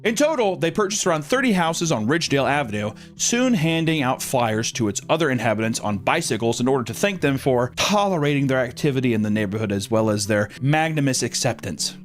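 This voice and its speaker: A man hosting a podcast, telling a true story in a jokey, animated way with frequent laughs. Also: medium pitch, fairly quick, hardly any pauses, soft background music. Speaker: podcast host. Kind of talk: comedic storytelling.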